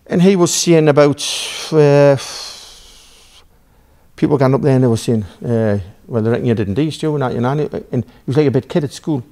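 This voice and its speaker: He's a podcast guest from Newcastle, England, whose Geordie accent carries a long casual story loaded with swearing, side tangents and back-and-forth dialogue he acts out. His mid-range voice has a dark tone and moves at normal speed.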